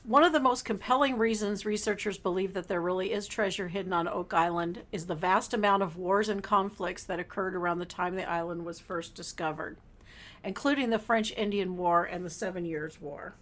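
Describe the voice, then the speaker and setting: A woman's voice: on the low side, a little fast. A woman co-hosting a podcast, reading history aloud with playful, teasing comments. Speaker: podcast co-host. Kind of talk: casual chat and reading aloud.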